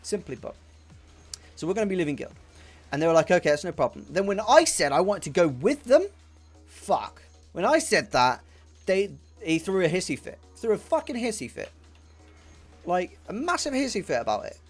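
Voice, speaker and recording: A young man rants and swears through his gaming stream, stumbling over and repeating his words in frustration. His voice sits somewhat high for a man, and faint game music plays under him. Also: very animated, moderate pace, pauses often. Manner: angry, profane, repeats himself. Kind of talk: ranting chat while streaming a game.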